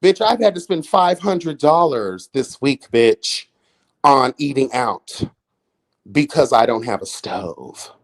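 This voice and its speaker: A man doing casual live-stream commentary, sassy and flamboyant, swearing often, jumping into high exclamations and chatting with viewers. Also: lively intonation, slow pace. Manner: chats with viewers in chat.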